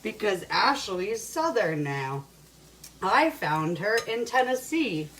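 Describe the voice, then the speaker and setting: A woman's voice: mid-range voice, sing-song, slow pace, a bit bright, a little hiss or hum. A woman hosting a casual cooking show in her home kitchen, rambling, swearing and laughing as she cooks. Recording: roomy room, mic at a distance.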